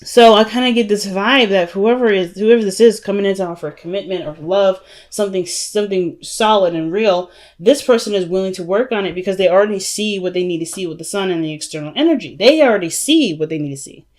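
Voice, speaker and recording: A woman's voice: medium pitch, fast, hardly any pauses, a little mellow. A woman giving a casual tarot reading to her viewers, chatty and emphatic, often saying "you know" and "right?". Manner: addresses viewers as "family" and "y'all". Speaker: tarot reader.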